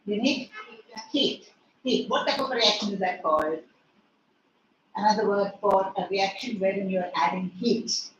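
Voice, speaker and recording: A woman's voice: mid-range voice, moderate pace, dull audio. A woman chemistry teacher with an Indian English accent, lecturing an online class in a strict, scolding way and firing questions at her students. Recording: echoey room, distant mic, faint noise.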